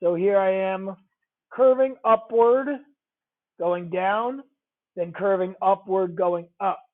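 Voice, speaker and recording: High-pitched guy teaching a math class, chatty, repeats stuff, sounds like it's over a phone line. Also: takes it slowly. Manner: conversational, repeats key phrases, checks in with students. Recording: tinny phone-like audio.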